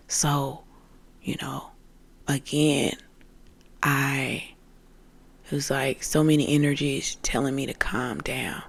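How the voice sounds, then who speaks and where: A spiritual podcast host telling a story in a casual monologue, calling listeners "family" and swinging between loud outbursts and hushed whispers. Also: mid-range voice, level tone, measured pace, vocal fry, long pauses, breathy edge. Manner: addresses listeners as family, streetwise slang.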